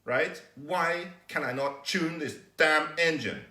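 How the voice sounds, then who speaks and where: Animated, swearing man with a bright voice. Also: on the high side, takes it slowly. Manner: animated storytelling, swears freely, acts out his own frustration loudly. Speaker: host of a live workshop show. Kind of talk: casual live-stream workshop talk.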